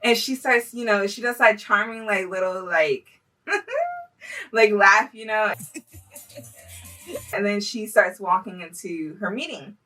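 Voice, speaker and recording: Bright-voiced chatty young woman vlogging. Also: mid-range voice, unhurried, far from the mic, soft background music, low-quality recording. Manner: chatty, filler-heavy, laughs often. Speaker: vlogger telling a personal story. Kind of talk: casual story time.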